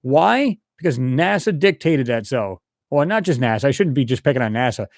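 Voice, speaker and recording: A man's voice: medium pitch, lively intonation, moderate pace, no room sound, studio quality. A man hosting a live stream, chatting loosely and rambling as he reads out viewer comments. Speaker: channel host answering live chat. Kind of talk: casual live-stream chat.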